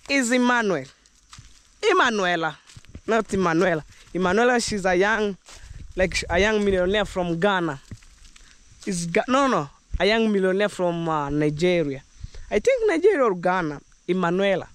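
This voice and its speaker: A man's voice: high-pitched, a little hiss or hum. A young Kenyan man with a Kenyan accent vlogging while walking through the countryside, chatting casually and rambling upbeat to his viewers with bits of Jamaican slang. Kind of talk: walking vlog, casual talk to camera. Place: outdoors in the countryside.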